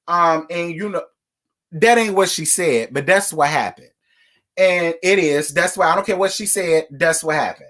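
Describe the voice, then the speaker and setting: A man's voice: fairly high pitch, moderate pace, fairly bright tone. Blunt, profane man ranting. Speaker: reality TV recap host. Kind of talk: casual commentary rant.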